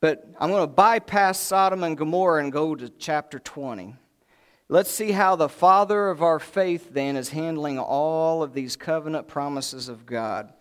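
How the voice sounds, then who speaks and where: A male preacher delivering a sermon in a folksy, animated way. He breaks off into joking asides to the congregation. His voice sits a little high for a man. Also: moderate pace, clean tone.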